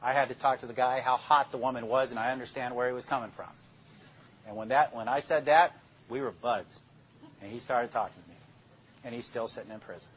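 Husky older man telling interrogation stories. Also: medium pitch, fairly bright tone, dull audio. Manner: plainspoken, anecdotal, acts out interrogation lines. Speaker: police detective speaking to law students. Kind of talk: storytelling lecture.

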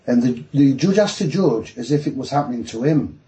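Mellow-voiced man storytelling. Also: mid-range voice, fairly quick, poor audio. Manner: animated, mimics voices in retelling. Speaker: guest telling his story. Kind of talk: casual storytelling on a podcast.

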